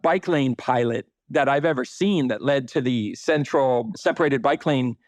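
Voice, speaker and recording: A man's voice: mid-range voice, moderate pace, no room sound. A man speaking as a city planner guest in a conversational podcast interview, emphatic and blunt, with occasional swearing.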